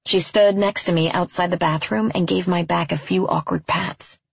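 A woman reading a first-person story aloud in a measured, wryly understated way. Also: lowish voice, fairly even intonation, creaky, breathy edge, dry recording, muffled recording. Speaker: narrator.

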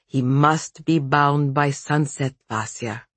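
A narrator voicing a grave male frost spirit in an audiobook, hushed, low and solemn. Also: takes it slowly, no room sound.

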